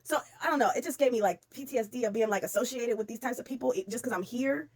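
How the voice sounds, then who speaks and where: A woman ranting bluntly on camera, swearing freely and talking in an animated, exasperated way. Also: a little high, quick pace. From United States. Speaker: vlogger. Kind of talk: casual commentary rant.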